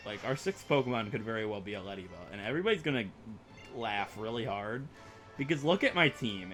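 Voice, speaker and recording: Young man, gaming commentary, rambling, self-mocking, animated pitch, faint music behind. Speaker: gaming YouTuber. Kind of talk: let's play commentary.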